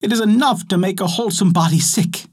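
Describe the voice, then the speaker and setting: A man voicing a scornful village washerwoman in a told folktale, jeering loudly. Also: high-pitched, brisk, slightly rough, pitched above the performer's own voice.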